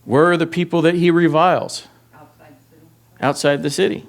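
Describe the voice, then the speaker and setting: A man's voice: a little high, normal speed, creaky. A pastor teaching through scripture in a sermon, reading passages aloud and rising in intensity as he voices the text's laments. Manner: reads scripture aloud with rising intensity, speaks plainly to the congregation. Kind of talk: expository sermon.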